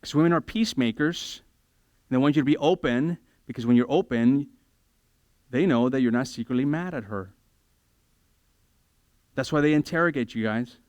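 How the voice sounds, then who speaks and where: A man preaching a sermon in church, lively and joking, acting out everyday conversations in quick voices. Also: mid-range voice, dry recording. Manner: animated, acts out conversations in quick voices, self-deprecating humor. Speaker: pastor.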